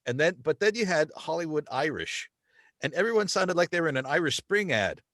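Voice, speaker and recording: A man from the US, a guest voice actor in casual podcast chat, lively and quick to laugh, often slipping into playful accents. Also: fairly high pitch, no room sound, clean studio sound. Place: lives in the UK.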